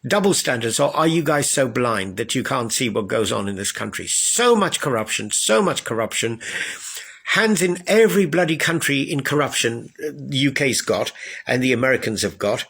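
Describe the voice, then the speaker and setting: A man's voice: medium pitch, expressive, brisk, gravelly, fairly bright tone, husky. A man delivering a heated political rant, sarcastic and full of rhetorical questions.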